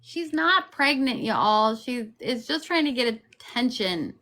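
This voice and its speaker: A woman hosting a casual group livestream, talking loudly and joking, her phone set far back. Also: on the high side, very animated, unhurried. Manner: loud-talking, jokey. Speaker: livestream host.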